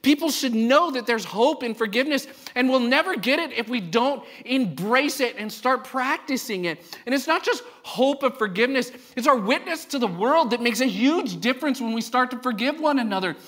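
Male pastor, casual sermon delivery, rhetorical questions to the room, bright tense tone. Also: very high voice, expressive, moderate pace, few pauses. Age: adult parent of a young child. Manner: conversational and joking, asks the congregation rhetorical questions. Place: church.

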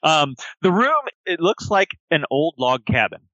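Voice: mid-range voice, very animated, measured pace, fairly bright tone, no room sound, muffled recording. A game master narrating a tabletop role-play game, describing scenes and often breaking into laughter.

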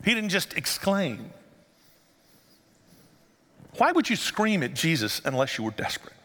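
A male pastor giving an animated sermon in a church sanctuary and asking the congregation rhetorical questions. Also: fairly high pitch, unhurried. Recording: long hall reverb.

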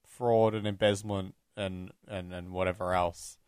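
A man's voice: sits low, flat delivery, normal speed, a little mellow, smooth, no echo, studio quality. A man co-hosting a film podcast, chatting casually and laughing easily. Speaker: podcast co-host.

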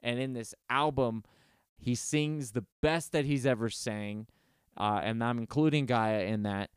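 Profane rambling man, smooth voice. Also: measured pace, dry recording, studio quality. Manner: profane, rambling, mimics singers in high mocking voices. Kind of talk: casual chat.

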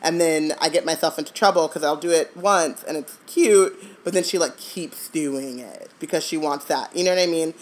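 A woman's voice: deep voice, moderate pace, hardly any pauses. Chatty woman co-hosting a book podcast. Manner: chatty, laughs often, trails off and restarts. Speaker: podcast co-host. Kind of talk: casual chat.

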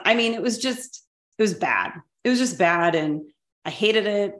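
A woman's voice: mid-range voice, lively intonation, normal speed, roomy sound. A middle-aged woman co-hosting a podcast, telling a story from her working life in a candid, self-deprecating way. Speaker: podcast co-host, former school superintendent. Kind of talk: casual storytelling interview.

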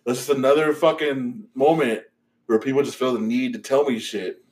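A young man chats on his podcast in a loose, storytelling way. He rambles, swears freely, and gets animated at the strange parts, with plenty of fillers along the way. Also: medium pitch, moderate pace. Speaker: podcast host. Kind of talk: casual storytelling chat.

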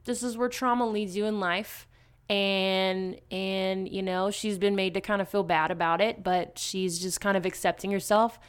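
A woman casually recapping a horror comic in chat, animated, dropping into quick character voices with lots of fillers. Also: mid-range voice, clear, resonant tone. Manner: chatty, lots of fillers and restarts. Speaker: podcast co-host recapping a comic.

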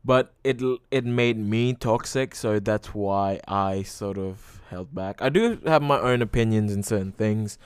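A young man talks through a casual solo podcast in a smooth, resonant, fairly low voice. He rambles freely, leans on filler words and swears often. The sound is dry and close, with no room around it. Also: a little slow, hardly any pauses, no echo. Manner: rambling, full of "like" and frequent swearing. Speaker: podcast host.

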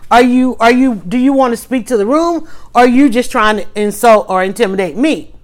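A woman hosting a livestream, telling a story in a casual, animated way with quick restarts and emphatic asides. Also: on the high side. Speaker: livestream host.

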